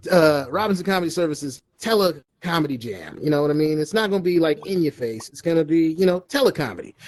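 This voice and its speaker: A man hosting a casual comedy podcast from a virtual reality space, animated and jokey, acting out quoted voices. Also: on the high side, no echo. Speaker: podcast co-host. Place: virtual reality meetup, recorded remotely.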